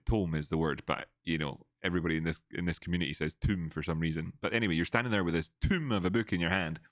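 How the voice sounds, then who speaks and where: A man hosting a relaxed livestream chat from indoors. He rambles and restarts his sentences, and now and then reads viewers' messages aloud. His voice sits very low and the recording is dry and close. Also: quick pace, dry recording, lo-fi sound. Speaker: livestream host. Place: old building, indoors.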